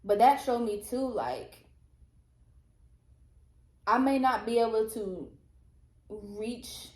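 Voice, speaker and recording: A young woman co-hosting a casual faith podcast, telling stories in an animated, emphatic way. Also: a little high, takes it slowly. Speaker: podcast co-host. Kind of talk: casual faith testimony chat. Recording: roomy echo.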